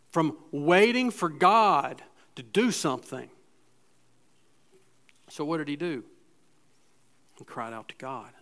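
A man's voice: a little high, fairly bright tone, clean tone. A middle-aged man preaching a sermon in church, speaking in a conversational way with restarts and acted-out asides. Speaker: pastor.

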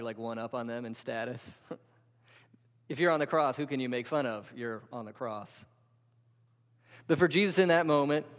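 Emphatic preacher in a reverberant hall. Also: male voice, mid-range voice. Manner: vivid, emphatic preaching with rhetorical questions. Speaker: pastor. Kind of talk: sermon. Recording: dull sound with long hall reverb.

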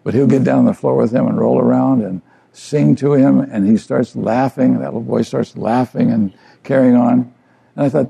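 An older man, a pastor delivering an earnest, conversational sermon with a gravelly voice and repeated phrases. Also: mid-range voice, steady tone, normal speed, warm tone.

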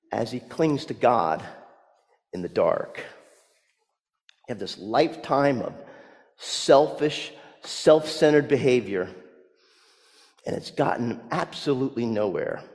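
A male pastor preaching a sermon, telling a story and swinging from hushed words to loud emphasis. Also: mid-range voice, very animated, slow, pauses often, big-room sound.

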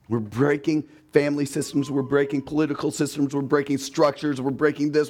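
A man at a mid-range pitch delivers a sermon in a conversational, storytelling manner. He asks his listeners rhetorical questions, repeats key words for emphasis, and briefly acts out the voices of the people he quotes. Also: steady tone, fairly quick, few pauses, a little mellow. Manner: emphatic repetition. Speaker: pastor.

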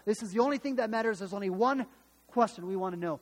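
High-voiced man preaching in an echoing hall. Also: quick pace. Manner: emphatic, retelling scripture in dramatic voices with many restarts. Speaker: pastor. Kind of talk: sermon.

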